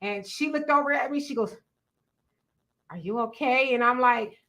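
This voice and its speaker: A middle-aged woman co-hosting a casual talk show, telling a story in an animated, dramatic way. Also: fairly high pitch, moderate pace. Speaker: co-host.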